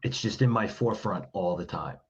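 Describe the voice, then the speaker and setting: A man's voice: deep voice, animated, a little fast. Man explaining plainly on a dull line. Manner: direct, instructive, asks rhetorical questions. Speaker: communication trainer, guest. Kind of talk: explanatory podcast conversation.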